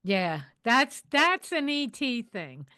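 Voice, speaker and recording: A woman's voice: a little high, sing-song, slow, sharp tone, clean tone. A woman hosting an interview podcast, responding often with short affirmations. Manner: responsive, frequent affirmations and laughs. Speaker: podcast host. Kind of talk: interview conversation.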